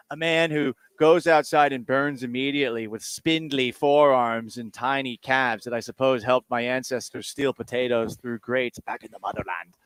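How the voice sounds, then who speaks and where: A male sports radio host who rambles sarcastically and mocks himself between asides. He speaks at a middling pitch into a studio mic, and the sound is close and dry with no room echo. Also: clear, resonant tone. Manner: sarcastic, rambling, self-mocking. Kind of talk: casual radio talk.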